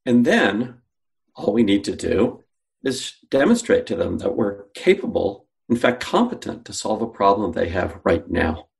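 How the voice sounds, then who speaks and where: A man's voice: fairly low pitch, expressive, measured pace, creaky. A man, a guest on an interview, telling a story and acting out the dialogue he quotes. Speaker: guest, sales company founder.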